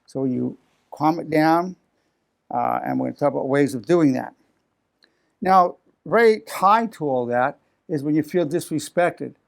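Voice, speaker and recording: A man's voice: fairly high pitch, measured pace, gravelly. A man in his eighties, a psychologist, teaching in loose spoken talk and acting out defensive replies. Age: 80s. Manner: animated, acts out defensive quotes with raised voice; frequent restarts and repeated words. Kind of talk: unscripted talk to camera.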